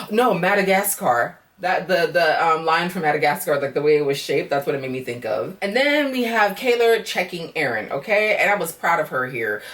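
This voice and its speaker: With a lowish voice on a distant mic, this young vlogger casually breaks down a reality dating show. She's sassy and blunt, cursing freely and closing her points with "okay?" or "girl."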